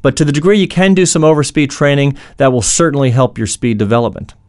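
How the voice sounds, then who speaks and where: A man's voice: mid-range voice, lively intonation, quick pace. A man giving an instructional talk as a coach, earnest, explaining through stories and imagined dialogue, with frequent fillers and restarts.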